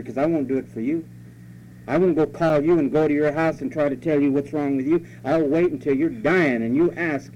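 A man's voice: fairly high pitch, mellow. A male pastor preaching a sermon emphatically, repeating key phrases and asking the congregation rhetorical questions. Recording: dull lo-fi sermon recording with faint hum.

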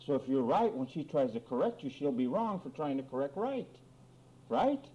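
A man preaching a lively sermon on marriage quarrels, acting out both spouses in mock voices and reading scripture. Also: a little high, normal speed. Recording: dull lo-fi recording with faint room noise.

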